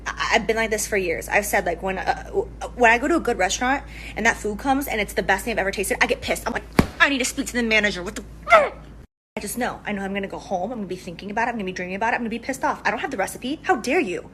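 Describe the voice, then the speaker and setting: Woman beauty vlogger, middle pitch, giggly and foul-mouthed, faint background hiss. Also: very fast, fairly bright tone, rough recording. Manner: gushing, giggly and profane. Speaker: beauty influencer. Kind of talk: makeup tutorial chat.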